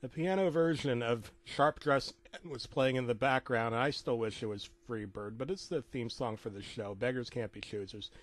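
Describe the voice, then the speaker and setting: A man narrating a comedic creepypasta with rambling deadpan asides and stumbling restarts. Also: mid-range voice, moderate pace, few pauses.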